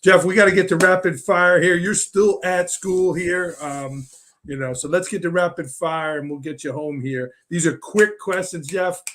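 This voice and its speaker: A man's voice: high-pitched, fairly even intonation, moderate pace, fairly bright tone. A man hosting a podcast interview over a video call, enthusiastic and encouraging toward his guest. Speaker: podcast host.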